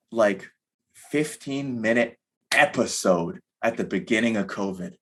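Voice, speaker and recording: Candid man talking in a rambling way. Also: lowish voice. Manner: candid, rambling, lots of fillers. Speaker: podcast guest. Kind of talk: casual conversation.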